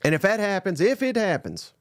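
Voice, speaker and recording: A man in casual podcast banter, teasing his co-host with a lively voice that rises and falls widely. His voice sits somewhat high for a man, and the sound is dry and close to the mic. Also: a little fast, no echo. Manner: teasing, reads out listener comments. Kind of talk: casual sports chat.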